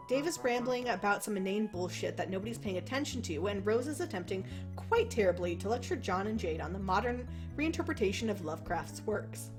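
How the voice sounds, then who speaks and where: A young woman playing through a visual novel, reading its narration aloud and breaking off into rambling, swear-filled commentary. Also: mid-range voice. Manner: animated, swears freely, rambles. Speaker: let's play host.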